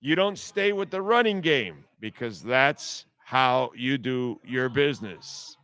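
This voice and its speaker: Slow, blunt ranting sports radio host man. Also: mid-range voice, expressive, fairly bright tone, smooth, dry recording. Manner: blunt, heated, profane, repetitive jabs. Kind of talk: ranting sports talk monologue.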